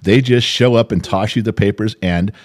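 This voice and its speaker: A middle-aged man hosting a podcast, telling a story in casual chat, animated and profane, acting out the people he quotes. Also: on the low side, normal speed. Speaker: podcast host.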